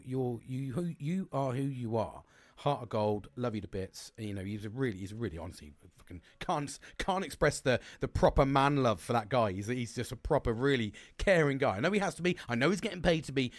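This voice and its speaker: A man's voice: mid-range voice, no echo. A young man, talking in a rambling, sweary, casual monologue full of restarts. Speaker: podcast host.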